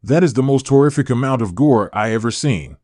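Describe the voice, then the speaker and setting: A man's voice: mid-range voice, expressive, brisk, a little mellow, no echo, studio quality, close to an everyday voice. A man voicing a shaken news reporter describing a heat disaster in a fictional emergency broadcast.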